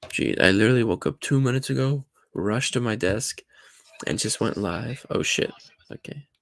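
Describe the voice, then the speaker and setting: A man's voice: mid-range voice, normal speed, vocal fry, a bit bright, no room sound. A man hosting a casual live watch-along, groggy and dry-throated from just waking up, rambling and flustered as he talks to himself and his chat. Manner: rambling, self-talking, flustered. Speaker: livestream host. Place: home room at a desk.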